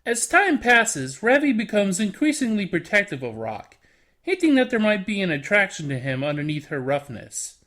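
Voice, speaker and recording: Animated anime review narrator. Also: medium pitch, moderate pace.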